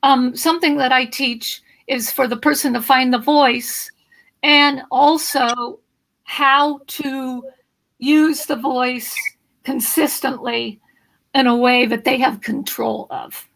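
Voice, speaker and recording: A woman voice coach speaking in a live video interview, animated and instructive, with a slight morning frog in her throat. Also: high-pitched, slow pace, creaky, low-quality recording.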